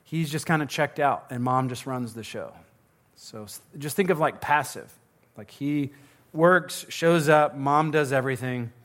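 A man's voice: medium pitch, unhurried, fairly bright tone. A man in his thirties giving a casual, earnest parenting seminar to a live audience, joking now and then. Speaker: pastor teaching a parenting seminar.

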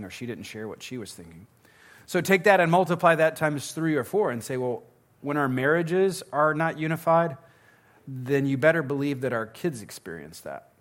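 Earnest man teaching a parenting seminar. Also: medium pitch. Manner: conversational, joking, earnest. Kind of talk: live seminar talk.

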